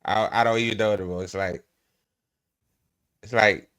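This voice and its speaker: A man's voice: on the low side, normal speed, fairly bright tone, clear, resonant tone. A man reacting to a hearing clip with profane, laughing, rambling commentary full of stammered restarts. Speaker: reaction streamer.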